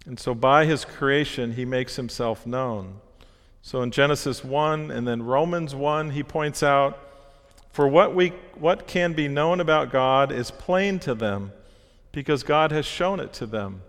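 A man preaches in an earnest, steady way, working slowly through his points with small restarts. His voice is mid-pitched, and it rings out with a long reverb in a church hall. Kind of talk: sermon.

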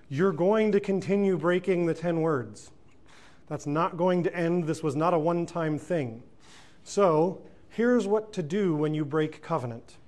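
A man leads a verse-by-verse Bible lesson in a slightly higher register. He reads scripture aloud, then unpacks it in a thoughtful, searching way, full of small fillers and restarts. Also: a little mellow. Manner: thoughtful, frequent fillers and self-corrections. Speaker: Bible teacher.

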